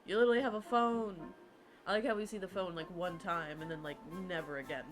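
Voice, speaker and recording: A woman's voice: fairly low pitch, steady tone, brisk, rough recording. A woman streamer chatting playfully and laughing often while she plays a game. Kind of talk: casual gaming stream commentary. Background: game music.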